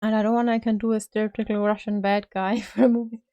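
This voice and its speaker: Woman streamer rambling while painting, mid-pitched voice, lots of "like", some swearing, desk mic at home. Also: level tone, racing, warm tone, muffled recording. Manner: rambling, loose, with many fillers and casual swearing. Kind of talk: casual live-stream chat while painting a figure.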